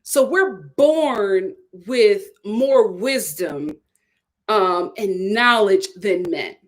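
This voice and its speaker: Talking very slowly with lively intonation in a medium-pitched voice, a woman delivers a casual live review of a TV episode. Opinionated and chatty, she frequently laughs and performs quoted lines in voices.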